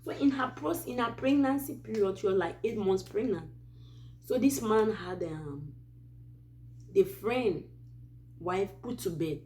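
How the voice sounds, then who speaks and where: Hosting a Christian advice channel, a woman from Cameroon tells a true story in Cameroonian English, casually and animatedly with many asides. Her medium-pitched voice is a little slow with long pauses, and there's slight background noise.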